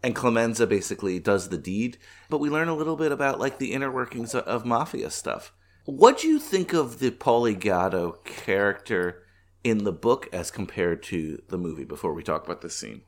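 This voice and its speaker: Chill low-voiced guy cohosting a podcast at home, laughs a lot. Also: sing-song, normal speed. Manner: laid-back, laughs often, does mock accents in quotes. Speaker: podcast co-host. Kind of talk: casual chat.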